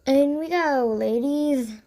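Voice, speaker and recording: A woman's voice: high-pitched, slow, warm tone. A woman reading the part of a clumsy, sheepish young boy magician in a children's story. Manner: nervous and sulky.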